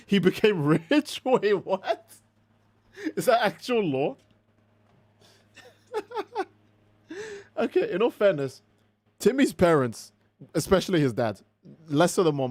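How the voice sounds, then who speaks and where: Animated, profane man streaming a game. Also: a little high, no echo. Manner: animated, profane, exasperated ranting. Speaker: livestream gamer host. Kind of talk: casual livestream chat.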